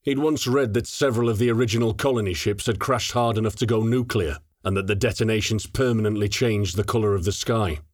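A man narrating an audiobook in a steady, even storytelling manner on a close mic. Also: on the low side, brisk, few pauses, dry recording.

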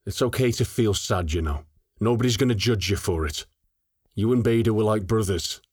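A man voicing a big, tough female squad leader who talks softly and earnestly. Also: on the low side, moderate pace, slightly rough, no echo, clean studio sound. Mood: gentle. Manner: soft, earnest.

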